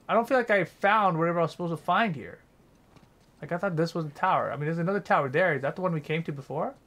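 A man's voice: on the high side, fairly bright tone. A young man streaming a game, rambling casually and swearing while chatting with his viewers. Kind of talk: casual gameplay commentary.

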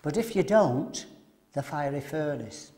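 A man's voice: a little high, animated, unhurried, mellow, big-room sound, pitched below the performer's own voice. A man voicing a smiling, scheming ancient king who coaxes with false friendliness. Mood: coaxing.

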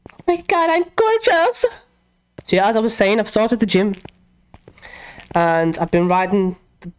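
With a medium-pitched, darkish-toned voice, a young gaming YouTuber chats and reacts through a horror game, talking to herself and shrieking at frightening moments. It's casual let's-play commentary.

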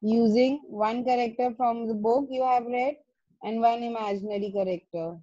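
A woman's voice: fairly high pitch, steady tone, moderate pace, warm tone, dry recording. A woman teacher, giving instructions to her class over a video call and repeating herself to make her point. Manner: firm, repeats and rephrases instructions. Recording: muffled lo-fi call audio.

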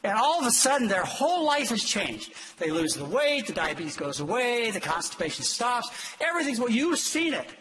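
Emphatic older man, high and bright. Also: very animated, moderate pace, rough recording. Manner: emphatic and exhortative, with sharp jumps in pitch. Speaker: doctor giving a talk. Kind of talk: lecture to an audience.

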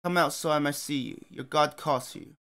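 A man's voice: fairly high pitch, fairly even intonation, normal speed, a bit bright, close to an everyday voice. A man voicing a commanding, condescending male god who speaks in a grand, lofty way.

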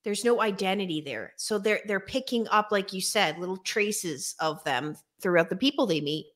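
Animated woman hosting a chat. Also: medium pitch, moderate pace. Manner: animated, laughs often, repeats words. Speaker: podcast host and coach. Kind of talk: casual conversational interview.

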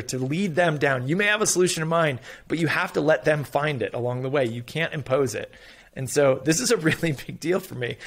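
Candid, profane middle-aged man. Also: a little high. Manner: candid and profane, acts out quotes, occasional sighs. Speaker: investor guest. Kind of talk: casual interview talk.

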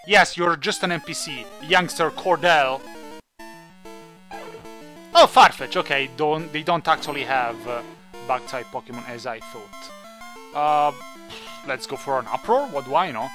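A man's voice: fairly high pitch, measured pace, pauses often, bright, forceful tone, soft background music. A man who is not a native English speaker, chatting and joking through his let's play. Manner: chatty, jokey, thinks aloud. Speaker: gaming channel host.

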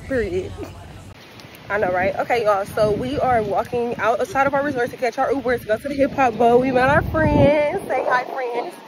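A woman in her twenties filming a casual travel vlog on her phone, chatty and excitable, talking straight to her viewers outdoors. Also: fairly high pitch, moderate pace. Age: 20s. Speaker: vlogger. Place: outdoors in a busy tourist area. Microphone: phone camera held by the vlogger. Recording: loud crowd and street noise.

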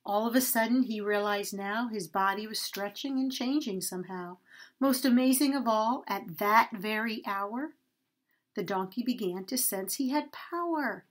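A woman reading a rhyming story aloud to children at a church, expressive and sing-song. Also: medium pitch, moderate pace.

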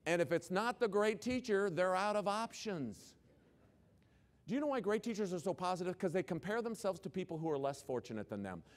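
Man, conference keynote, fairly high voice, humorous, animated, quizzes the audience. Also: brisk. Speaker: keynote speaker.

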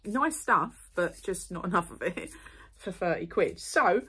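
A middle-aged woman, chatting casually to camera as she unboxes and shows off purchases, rambling with quick asides and apologies. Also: on the low side, expressive, fairly bright tone, slightly rough. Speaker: vlogger.

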